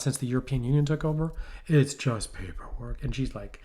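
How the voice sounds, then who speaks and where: Male co-host, casual, animated storyteller. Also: mid-range voice, brisk. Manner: animated storyteller, acts out quoted voices. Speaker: podcast co-host. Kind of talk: casual chat.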